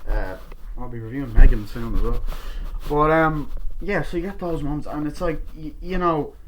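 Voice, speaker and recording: A man casually reviewing a film at home, rambling and swearing, with lots of fillers, retelling scenes in quick quoted bits, his jaw sore. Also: on the high side, a bit bright. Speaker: movie reviewer.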